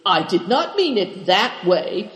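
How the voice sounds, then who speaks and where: A man's voice: high-pitched, big pitch swings, takes it slowly, fairly bright tone, full character voice. A man voicing a self-important, grumbling male frontier colonel in a storybook reading, stiff and formal. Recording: echoey room with long reverb.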